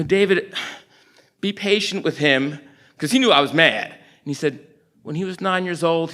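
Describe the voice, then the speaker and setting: A middle-aged man from New York City giving a storytelling sermon, acting out conversations in quick animated bursts. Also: a little high. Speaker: guest preacher.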